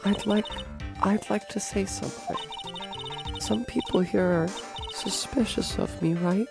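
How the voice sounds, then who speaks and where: A woman voicing a sweet, timid young woman witness who speaks softly and hesitantly. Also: medium pitch, unhurried, creaky, music in the background, voice pushed up.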